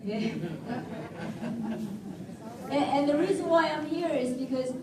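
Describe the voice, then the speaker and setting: A woman's voice: sits high, measured pace, a crowd in the background. A woman giving a campaign speech at a candidate forum, talking emphatically and often checking in with "okay?". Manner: emphatic, keeps asking "okay?". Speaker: political candidate. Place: public forum hall. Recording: very echoey room, distant mic.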